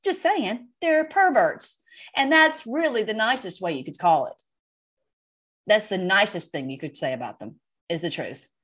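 A woman hosting her own online video, talking casually to viewers in a rambling, excitable way and laughing often. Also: medium pitch, normal speed, husky. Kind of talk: casual monologue to camera.

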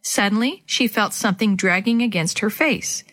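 A gentle woman storyteller reading a children's chapter book aloud. She speaks clearly and warmly to young listeners, with a steady storybook delivery. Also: mid-range voice, normal speed.

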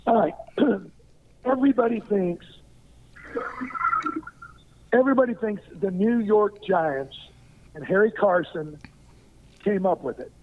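An older man from Arkansas, a former pro football player, telling a lively story as an interview guest and acting out what people said. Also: high voice, takes it slowly, long pauses, slight background noise. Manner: lively anecdotal storyteller who acts out quoted lines. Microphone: phone. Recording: tinny phone line.

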